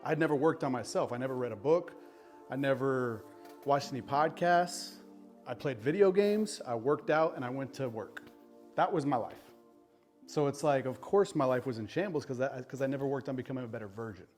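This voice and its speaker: A man's voice: medium pitch, normal speed, darkish tone, soft background music. A man telling his personal story on a podcast, earnest and emotional, with lots of "like" fillers. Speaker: podcast guest. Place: podcast studio with live audience.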